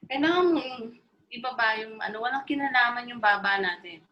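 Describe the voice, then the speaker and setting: Over a video call, a Filipino-accented woman coaches singers in an online choir workshop, blending Filipino and English in a playful, encouraging way. She speaks slightly high and slightly fast, on a lo-fi recording with a little hiss or hum.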